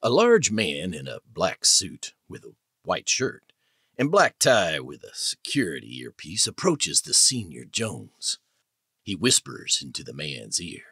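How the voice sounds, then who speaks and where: Expressive husky male narrator. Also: low-pitched, takes it slowly, no room sound, clean studio sound. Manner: dramatic, expressive. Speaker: audiobook narrator. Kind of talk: scripted narration.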